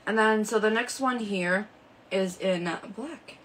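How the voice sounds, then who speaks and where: A woman's voice: mid-range voice, takes it slowly, fairly bright tone, slight background noise, poor audio. A woman hosting a live shopping stream, chatting casually and showing products with lots of fillers, indoors under a ring light.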